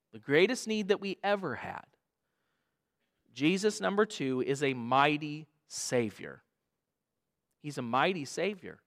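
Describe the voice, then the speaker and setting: A man preaching a sermon as a pastor, dramatic and emphatic, dropping to a hush and rising again, repeating phrases for emphasis. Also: high voice. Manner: dramatic, swings from hushed to loud emphasis.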